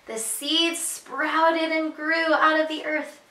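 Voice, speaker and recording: A woman preschool teacher reading picture books aloud to young children in a slow, sing-song storytelling voice. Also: sits high, flat delivery, pushed and bright. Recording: echoey room, voice heard from a distance.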